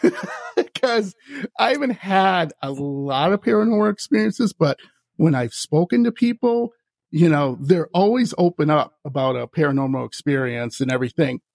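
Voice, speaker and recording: Male podcast host, gravelly voice, lively storyteller who acts out the people he quotes. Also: fairly high pitch, moderate pace, no echo. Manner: animated, laughs often, acts out voices in his stories. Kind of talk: casual storytelling chat.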